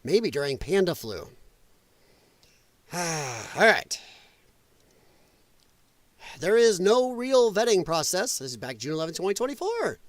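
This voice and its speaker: A male host rants through livestream commentary in a blunt, profane, sarcastic way. His voice sits high and jumps around a lot, and the room sounds dry and close. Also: sing-song, unhurried, pauses often, no room sound. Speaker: podcast host.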